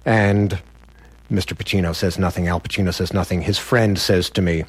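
A man telling a funny personal story in a wry, animated way, acting out the other people's lines. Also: deep voice, normal speed, slightly rough, no echo. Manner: wry, animated, acts out voices. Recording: music bed behind voice.

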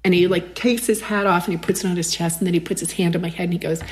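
A middle-aged woman recounting a personal experience as an interview guest. Her voice sits fairly low, and she talks in a reflective, halting way with a wry edge. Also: steady tone. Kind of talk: personal storytelling in conversation.

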